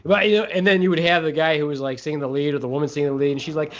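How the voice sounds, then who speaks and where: A man's voice: a little high, steady tone, racing, hardly any pauses. A man co-hosting a casual podcast chat, talking in a joking, rambling way with many fillers. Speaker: podcast co-host. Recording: dull lo-fi sound.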